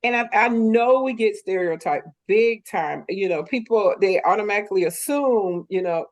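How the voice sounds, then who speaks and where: A woman raised in the Deep South with a Southern accent, earnestly explaining her view in a casual chat. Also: expressive, normal speed.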